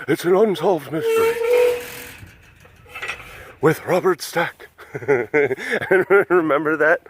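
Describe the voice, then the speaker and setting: Chatty man with a lively, bouncy voice. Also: on the high side, slight background noise. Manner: chatty, with affectionate baby talk to the cats. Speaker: animal sanctuary webcast host. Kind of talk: casual walking vlog. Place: outdoors at a big cat compound.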